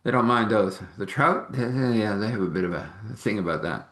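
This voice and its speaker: A man's voice: fairly low pitch, a little fast, hardly any pauses, fairly bright tone. A man telling a rambling, homely story in a casual way, chuckling often.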